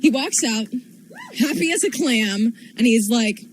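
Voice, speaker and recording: A woman's voice: fairly high pitch, lively intonation, a little slow, a little hiss or hum, rough recording. A young woman telling a stand-up story in a chatty, rambling way, full of "like". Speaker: stand-up comedian.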